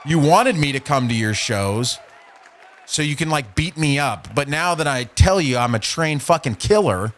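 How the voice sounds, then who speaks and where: A man's voice: on the high side, fairly bright tone. Profane mocking male podcast host. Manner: profane, mocking, reading out messages. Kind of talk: casual podcast rant.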